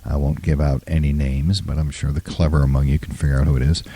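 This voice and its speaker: A man in his fifties hosting a solo talk show, his throat scratchy and hoarse, talking in an opinionated, rambling way full of fillers. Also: extremely low pitch, flat delivery, quick pace, dark tone. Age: 50s. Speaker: podcast host.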